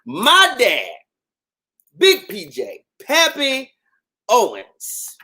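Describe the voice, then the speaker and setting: Animated man hosting a livestream. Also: very high voice, drawn-out words, creaky. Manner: animated, talks to viewers with slang. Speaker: host. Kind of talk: casual livestream chat.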